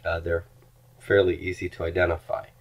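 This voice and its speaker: A man's voice: deep voice, completely flat delivery, a little fast. A man teaching Greek grammar in a recorded lecture, patiently explaining forms and drilling them aloud.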